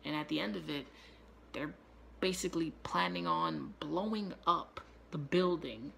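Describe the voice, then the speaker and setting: Male reviewer host: raspy, low-key gravel, excitable swearing rundown. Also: slight background noise. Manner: loose, profane, excitable retelling with quick asides. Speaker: YouTube show reviewer. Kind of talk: casual spoiler recap.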